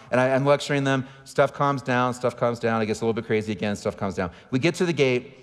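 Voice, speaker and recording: A man's voice: medium pitch, fairly even intonation, fast, few pauses, clean tone. A pastor in his forties giving a sermon, telling candid, self-deprecating stories with asides to the congregation. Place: large church auditorium. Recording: long hall reverb.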